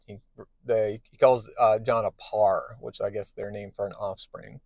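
A man hosting a podcast, casually recapping a comic book in a chatty way, with many pauses. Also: fairly low pitch, little pitch movement, gravelly, darkish tone, no room sound, dull audio. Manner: chatty, many fillers and restarts. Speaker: podcast host.

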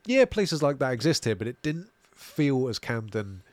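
A man co-hosting a relaxed review podcast. His voice sits in an ordinary middle pitch and is recorded dry and close. He rambles casually and laughs easily. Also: moderate pace, dry recording. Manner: chatty, laughs while reading listener comments. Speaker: podcast co-host.

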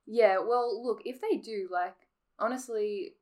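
A woman's voice: a little high, unhurried, darkish tone. A woman with an Australian accent co-hosting a podcast, chatting casually with frequent laughs and filler words. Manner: giggly, lots of "like" fillers. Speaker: podcast co-host. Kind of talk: casual chat.

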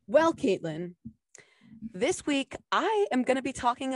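An American woman co-hosting a podcast in casual chat, telling stories in a chatty, animated way. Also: high voice, unhurried, no echo. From United States. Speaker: podcast co-host.

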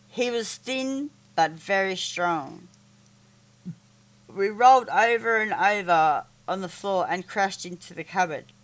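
A woman reading a children's story aloud, halting with stumbles and restarts. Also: medium pitch, fairly bright tone.

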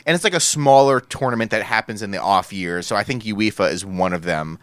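A man co-hosting a podcast in casual chat, animated and rambling, with many filler "like"s, on a close microphone. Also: on the low side, fairly quick, dry recording. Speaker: podcast co-host.

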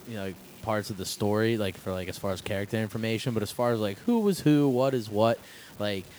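Young dude cohosting, jokey and blunt, swears a lot, faint hiss. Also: male voice, lowish voice, quick pace, darkish tone, low-quality recording. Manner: joking, blunt, swears freely. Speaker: podcast co-host. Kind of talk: casual chat.

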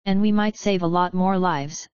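A man's voice: sits high, fairly even intonation, normal speed, clean tone, no room sound, dull audio, close to an everyday voice. A woman voicing a wiry young man who talks in a sour, clipped way.

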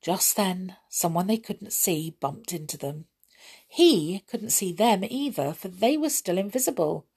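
A woman narrating a children's storybook in an expressive, animated way. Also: on the low side, unhurried, gravelly, breathy edge.

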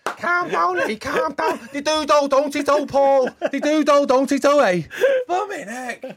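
A man's voice: extremely high pitch, sing-song, unhurried, background noise, pitched above the performer's own voice, exaggerated voice. A man doing a mocking Liverpool voice. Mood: teasing. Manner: mocking, exaggerated.

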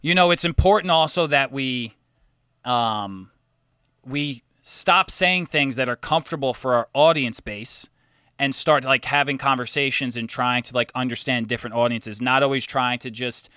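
A man's voice: medium pitch, normal speed, smooth, no echo, clean studio sound. A man hosting a podcast, telling stories animatedly and swearing a lot. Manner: animated storyteller, swears a lot, mimics others. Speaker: podcast host. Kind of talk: casual chat.

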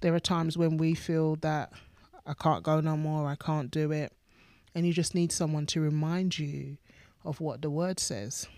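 A woman's voice: low voice, fairly even intonation, measured pace, dark tone, dry recording, studio quality. A woman pastor co-hosting a faith podcast, talking earnestly and emphatically, often repeating words as she builds a point. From United Kingdom. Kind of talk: casual faith chat.

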